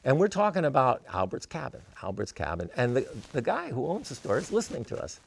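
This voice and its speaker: A man who is a guest musician, telling stories in an interview in an animated way. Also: medium pitch, fast talker, gravelly, slight background noise. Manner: animated, acts out voices in his stories. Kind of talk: storytelling in an interview.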